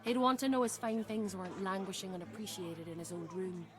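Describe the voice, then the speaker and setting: A woman's voice: mid-range voice, fairly even intonation, brisk, a crowd in the background, natural voice. An actress playing a chatty, fond middle-aged tavern keeper in a game who dotes on her son. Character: doting middle-aged female tavern keeper and proud mother.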